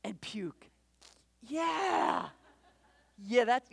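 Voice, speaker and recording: A woman giving a conversational church talk on parenting, animated and quick to act out voices, often asking the audience questions. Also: a little high, gravelly, dry recording. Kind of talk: conversational sermon.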